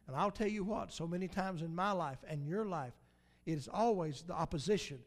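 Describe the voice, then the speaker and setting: A man's voice: high voice, fairly quick. A man preaching a sermon in an emphatic, repetitive cadence, with swells of volume.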